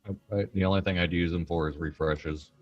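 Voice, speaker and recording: A man's voice: low voice, steady tone, brisk, no echo, recorded from a distance, muffled recording. A man co-hosting a casual gaming stream with brief, agreeable interjections. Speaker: co-host.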